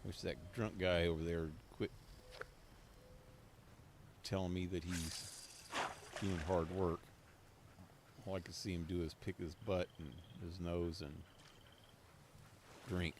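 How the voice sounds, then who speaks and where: A man's voice: low voice, little pitch movement, slow pace, long pauses, slight background noise. A man streaming a video game, chatting casually and joking with himself about what happens on screen, from a cold room at home. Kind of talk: casual commentary while playing.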